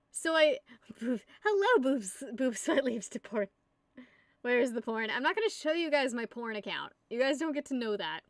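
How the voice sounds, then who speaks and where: A woman's voice: on the high side, a bit bright, no room sound. A young woman from the United States chatting casually on a live stream, giggling and rambling as she answers her chat. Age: young adult. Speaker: livestreamer.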